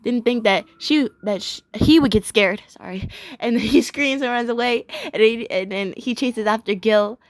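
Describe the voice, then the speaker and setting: A woman's voice: a little high, normal speed, dry recording. A young woman casually recapping a cartoon episode, rambling with many fillers, giggling and gushing in bursts.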